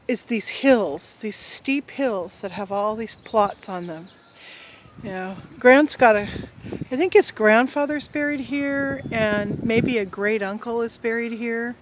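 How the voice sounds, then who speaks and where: A woman's voice: mid-range voice, a little hiss or hum, rough recording. An older woman chatting to camera as a travel vlogger outdoors, in a joking, self-mocking manner. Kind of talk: casual chat to camera. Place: outdoors in a hillside cemetery.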